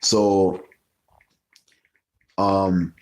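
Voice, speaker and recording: A man's voice: deep voice, level tone, drawn-out words. A man hosting a casual history talk, telling it loosely with asides and swearing. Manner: loose, profane, storytelling with asides. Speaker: podcast host.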